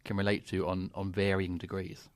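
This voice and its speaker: A man's voice: low voice, monotone, normal speed, no room sound. Self-deprecating podcast co-host man. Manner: self-deprecating, laughs at himself. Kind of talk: casual podcast chat.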